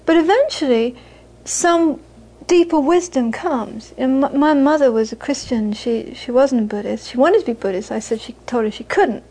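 A woman's voice: sits high, normal speed, few pauses, warm tone, poor audio. A woman, a Buddhist teacher, giving a dharma talk to a live audience with anecdotes, frequent laughter and repeated phrases for emphasis.

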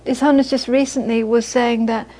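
A woman's voice: fairly high pitch, fairly even intonation, brisk, mellow, poor audio. A middle-aged woman teaching Buddhism in an informal talk, chatty and repeating phrases for emphasis, often laughing. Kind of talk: informal dharma talk to an audience.

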